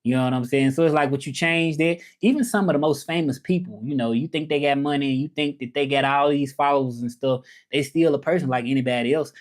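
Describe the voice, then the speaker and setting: Man, thirties, Southern American accent, casual livestream chat, loose and repetitive, mid pitch. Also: quick pace, few pauses. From Southern United States. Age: 30s. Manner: loose, repetitive, conversational, keeps saying "you know what I'm saying". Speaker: livestream host.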